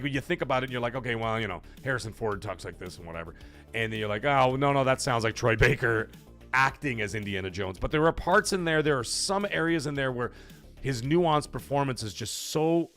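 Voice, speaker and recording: A man's voice: medium pitch, fairly bright tone. A man hosting a casual live-streamed podcast from home, rambling and chatty as he reads out viewer comments. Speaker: livestream podcast host.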